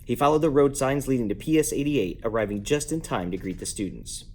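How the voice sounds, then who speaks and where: A man reading a children's book aloud at bedtime at home, lively and playful, jumping up in pitch to give each character a voice. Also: fairly quick, a little hiss or hum. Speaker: parent reading a bedtime story. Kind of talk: bedtime story read-aloud.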